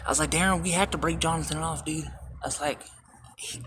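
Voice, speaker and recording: A woman's voice: sits low, steady tone, fast talker. Woman vlogger, casual storyteller, swears freely, laughs through anecdotes, faint background hum. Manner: profane, laughing, rambling anecdotes.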